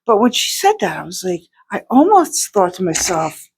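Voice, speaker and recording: Woman vlogger at home, mid-pitched, loose rambling delivery with lots of restarts. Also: sing-song, moderate pace, a little hiss or hum. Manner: rambling, chatty, many restarts and fillers. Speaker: outsider artist vlogger. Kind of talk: casual chat to camera.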